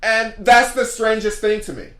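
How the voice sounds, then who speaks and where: A man's voice: sits high, normal speed, pushed and bright. A man hosting a solo podcast, ranting sarcastically and mocking what he criticizes, recorded in an echoey room. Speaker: podcast host.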